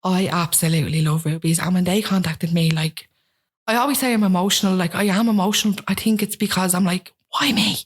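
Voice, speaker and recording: A Dublin woman in her thirties, a guest on a casual interview chat, tells animated stories and acts out what people said. Her voice is fairly low with a breathy edge, and she talks quickly.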